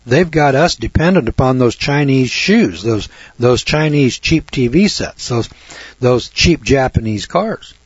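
Blunt radio preacher, male, mid-pitched and husky, folksy talk to listeners; lo-fi sound. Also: expressive, measured pace, dry recording. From United States. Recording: dull lo-fi dry recording.

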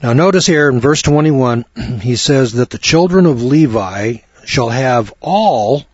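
Folksy male preacher, wry, husky voice, dry dull recording. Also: mid-range voice, expressive, measured pace, no room sound. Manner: folksy, wry, rhetorical questions. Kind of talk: folksy sermon on scripture.

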